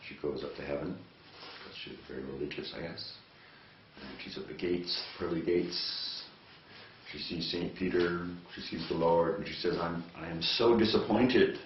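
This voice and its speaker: A man from Canada telling jokes in a dry, deliberate way, recorded from a distance in an echoey space. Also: low voice, flat delivery. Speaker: joke teller. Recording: distant, echoey, muffled with faint hiss.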